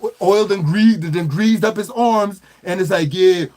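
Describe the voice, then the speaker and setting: A man with a high-set voice rants on a livestream. He talks animatedly and with slang, circling back to repeated phrases. He stacks stuttered restarts and mocks people as he goes. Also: normal speed, a little mellow. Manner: slangy, mocking. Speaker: livestream host. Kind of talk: livestream rant.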